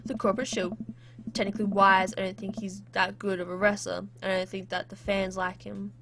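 A woman reading aloud as a soft-spoken, bookish middle-aged male teacher in a game, quiet and earnest. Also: mid-range voice, flat delivery, a little fast, vocal fry, background noise, lightly acted. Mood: subdued. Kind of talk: reading a game's dialogue aloud. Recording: game music playing behind.

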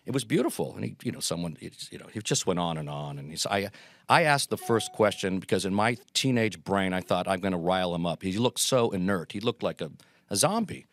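A middle-aged man with a low, deep voice spins anecdotes as an interview guest. He acts out the quotes with lively energy. The sound is dry and close. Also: a little fast, dry recording. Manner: animated anecdotes with acted quotes. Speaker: guest, Groucho performer. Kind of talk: storytelling interview.

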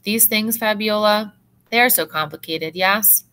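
A woman's voice: lowish voice, fairly quick, bright, forceful tone. A woman reading aloud as a strict older aunt, talking in a commanding, scolding way. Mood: stern.

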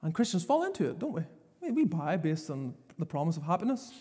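A man's voice: fairly high pitch, big pitch swings, fast, warm tone, husky. A man preaching a sermon, emphatic and given to repeating phrases for stress. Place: church sanctuary. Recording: long church reverb.

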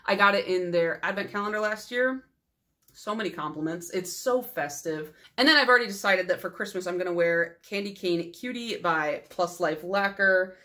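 A woman's voice: mid-range voice, normal speed. A young adult woman vlogging about her nail polish collection in a casual, rambling chat full of fillers and sentimental asides. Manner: chatty and rambling, many fillers; warm, sentimental storytelling.

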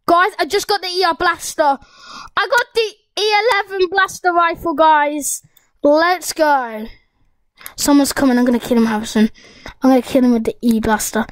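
Young gamer girl, high-pitched and dry-miked, excitable rambling game commentary to viewers. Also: dry recording, poor audio. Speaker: gaming YouTuber. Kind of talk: casual gameplay commentary.

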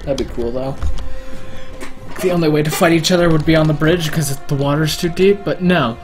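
A gamer giving casual, self-mocking commentary on his own play, with sudden excitable outbursts. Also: medium pitch, normal speed. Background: faint in-game music and keyboard typing.

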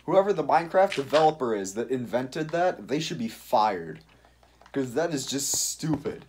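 Lively, ranting young man gaming. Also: medium pitch, normal speed, slight background noise. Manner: ranty and exasperated. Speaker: gaming YouTuber. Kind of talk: casual gaming chat.

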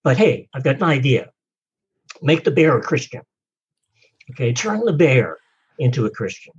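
A man's voice: mid-range voice, very animated, normal speed, husky, muffled recording. A man voicing a terrified male hiker who begs God to save him. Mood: pleading. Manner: pleading, desperate.

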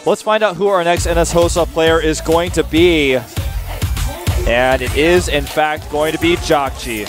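A man commentating live esports as a caster, excitable and hyping up the viewers. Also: fairly high pitch, measured pace. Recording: broadcast booth with loud game music. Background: game music.

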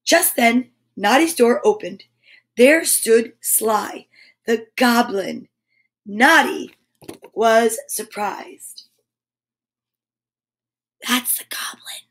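A woman reads a picture book aloud for children, unhurried and careful with every phrase. Her voice sits high, and she breaks off now and then for friendly asides to her young listeners. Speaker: children's storyteller host.

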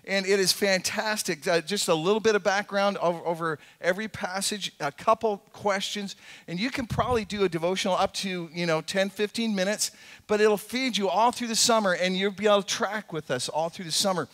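A man preaching a sermon as lead pastor, talking casually with many fillers and restarts, and dropping to a soft, low voice when he prays. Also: fairly quick. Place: church sanctuary.

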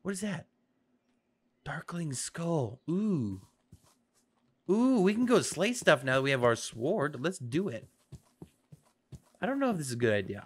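A gaming video host giving excitable play-by-play commentary, chatting to the game's creatures and swinging between whispers and shouts. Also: medium pitch, unhurried, long pauses, breathy edge. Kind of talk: gameplay commentary.

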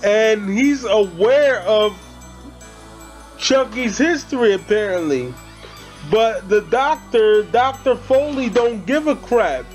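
A man's voice: high voice, lively intonation, takes it slowly, soft background music. A man giving a casual, chatty movie review, slangy and talking straight to his viewers. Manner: slangy, chatty, addresses viewers as guys and bro.

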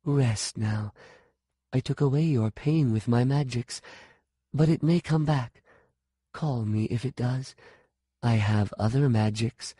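A man voicing an ageless wild-haired witch who speaks softly, slowly and possessively. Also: medium pitch, slightly rough, no room sound, studio quality. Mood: dreamy. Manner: soft, hushed and slow.

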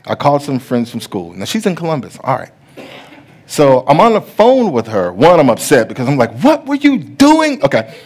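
A middle-aged man preaching a sermon as pastor, telling stories that act out other people's voices and building to loud preaching. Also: mid-range voice, very animated, a little fast, slightly rough. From USA. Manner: storytelling, rising to loud preaching; acts out the voices in his stories.

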